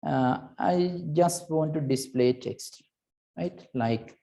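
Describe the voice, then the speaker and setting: A woman's voice: sits low, slow pace, mellow. A woman teaching a recorded lesson, patiently explaining and checking in with "right?" between points, with hesitant restarts.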